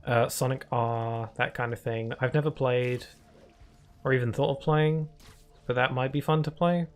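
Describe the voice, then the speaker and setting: A man's voice: medium pitch, fairly even intonation, normal speed, soft background music. A man chatting casually while live-streaming a game, rambling on with many fillers at a desk microphone.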